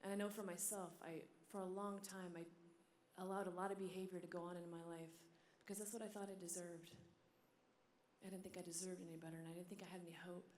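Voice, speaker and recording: A religious sister giving a talk at a conference, telling stories with animated energy and dropping to a hushed whisper at tender moments. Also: female voice, fairly low pitch, fast talker, slight background noise. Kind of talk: sermon. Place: large hall. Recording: echoey hall.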